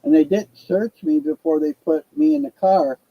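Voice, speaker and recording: A man's voice: fairly high pitch, expressive, moderate pace, no echo, lo-fi sound. An older man telling a long casual story, profane and rambling. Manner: profane, rambling, laid-back.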